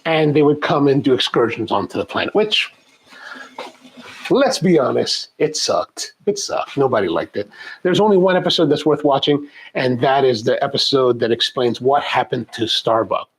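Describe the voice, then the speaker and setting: A man's voice: mid-range voice, expressive, normal speed, breathy edge. A middle-aged man hosting a coffee channel, chatting casually and rambling through viewer questions with many restarts and asides.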